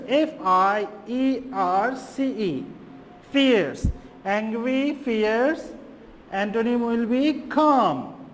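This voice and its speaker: Slow Bangladeshi teacher spelling words aloud. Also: male voice, sits high, long reverb tail. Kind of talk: slow spelled-out classroom lesson.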